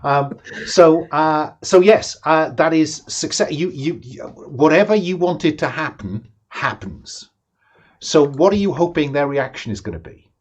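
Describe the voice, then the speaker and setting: A man narrating as game master, measured and full of pauses and restarts. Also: fairly high pitch, lively intonation.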